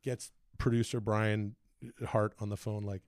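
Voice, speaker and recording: A man telling loose, profane stories in casual chat, slipping into quick impressions. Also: lowish voice, darkish tone, no room sound, clean studio sound. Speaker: podcast guest telling stories.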